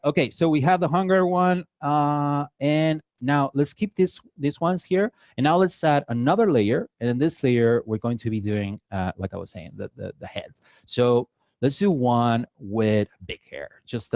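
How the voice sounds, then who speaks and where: A man's voice: medium pitch, darkish tone, no room sound, studio quality. A man with a Mexican accent giving a live drawing workshop to an audience, chatty and joking with many filler uhs. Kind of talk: casual live demo talk to an audience. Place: event hall with an audience.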